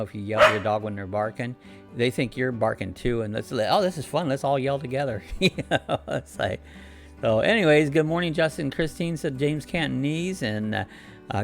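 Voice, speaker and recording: A man's voice: mid-range voice, gravelly. A man hosting a casual live-stream chat from his home, rambling along and reading out viewer comments and greetings.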